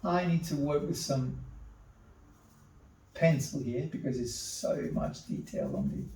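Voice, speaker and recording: A man, an artist, quietly talking through his charcoal drawing in short murmured remarks as he works. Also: mid-range voice, huge pitch swings, measured pace, creaky, slight background noise. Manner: terse murmured step-by-step remarks while working. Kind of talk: drawing demonstration narration. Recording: echoey room, distant mic.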